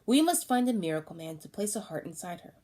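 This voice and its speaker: A woman's voice: medium pitch, big pitch swings, quick pace, warm tone, slight background noise, lightly acted. An awestruck young village father speaks earnestly in this storybook reading, as a woman reads him. His lines are delivered plainly and with feeling.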